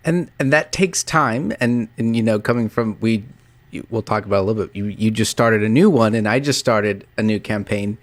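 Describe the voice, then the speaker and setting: A man's voice: fairly low pitch, normal speed, no room sound. A man co-hosting a casual tabletop podcast, eager and enthusiastic with frequent restarts. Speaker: podcast co-host.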